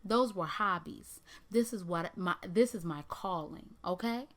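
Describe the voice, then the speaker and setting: A woman voicing a brash, defiant young man who shouts his indignant complaints. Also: on the low side, a little slow, close to an everyday voice.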